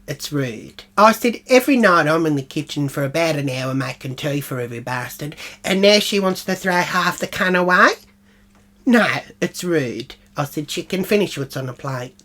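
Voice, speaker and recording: Aussie woman, low voice, sweary and brash, does all the voices herself. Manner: brash, sweary storytelling with animated quoted voices. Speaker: storyteller. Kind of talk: comedic character monologue.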